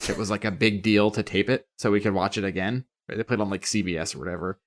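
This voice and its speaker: A low-voiced man talks in casual podcast chat. He is lively and joking, drops a curse now and then, and gets excited about old memories. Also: fast. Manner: animated, swears, jokes, bursts of enthusiasm. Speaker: podcast co-host.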